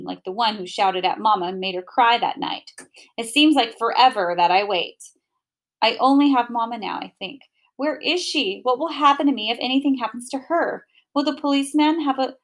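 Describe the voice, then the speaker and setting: A woman with a somewhat high voice reads a children's storybook aloud. Her narration is gentle and expressive, told in the first person. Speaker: storybook reader. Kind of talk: reading a children's picture book aloud.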